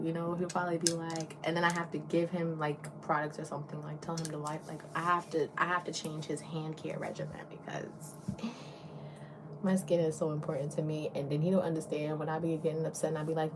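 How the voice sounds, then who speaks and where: Chatty young Southern woman, lowish voice. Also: little pitch movement, fast talker, noisy background. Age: young adult. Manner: rambling, chatty, drops to soft whispers. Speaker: beauty influencer. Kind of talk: casual get-ready-with-me chat.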